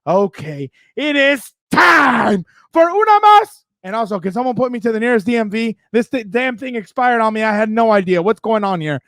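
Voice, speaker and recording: Man, very high voice, worked-up sports rant, loud bursts, dry close sound. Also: expressive, moderate pace, no room sound. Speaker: podcast co-host.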